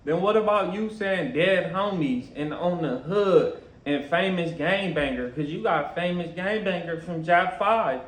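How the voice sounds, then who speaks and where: A man's voice: sits high, a little slow. Echoey man ranting about a clip. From Los Angeles area. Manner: animated, laughing, repeats "bro". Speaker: streamer reacting to a clip. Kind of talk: casual commentary. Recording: roomy echo.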